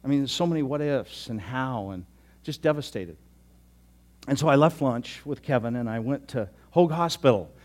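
A pastor in his sixties telling a story in a sermon, chatty, often repeating himself and dropping to a soft voice. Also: medium pitch, animated, normal speed. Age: 60s. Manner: conversational, repeats words, drops to soft tones.

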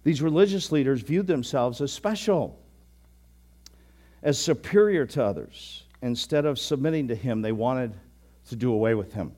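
Here a male pastor with a mid-range voice delivers his sermon. His style is animated and conversational, broken up by sudden emphatic bursts.

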